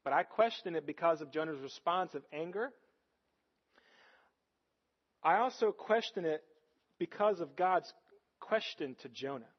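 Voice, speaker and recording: A man with a high voice preaches a sermon, earnest and conversational. He keeps turning to the congregation with rhetorical questions. The recording sounds a little dull and lo-fi. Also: expressive, moderate pace. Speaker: pastor.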